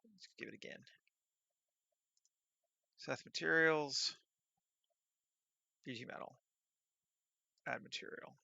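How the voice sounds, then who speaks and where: A man's voice: a little high, steady tone, slow, gravelly, long pauses, sharp tone, no echo, lo-fi sound. A man working on a 3D scene who thinks aloud, muttering half-finished commands to himself.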